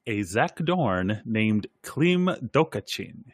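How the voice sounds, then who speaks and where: Slow-talking low-voiced man. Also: big pitch swings, no echo. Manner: dry, laid-back quips. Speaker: podcast co-host. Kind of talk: casual recap chat.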